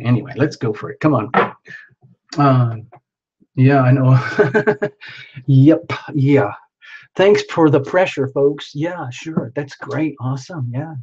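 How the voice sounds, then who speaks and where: Hosting a live tarot reading, a man with a medium-pitched, darkish voice chats easily with his audience, reads out viewer names, and talks to himself. Faint background noise sits under the dull, lo-fi sound.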